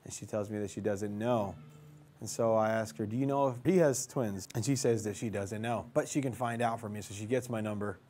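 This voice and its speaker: Man, young adult, mellow warm voice, casual rambling storytelling, quotes people in conversation. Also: lowish voice, fairly quick, slight background noise. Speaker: vlogger telling his life story.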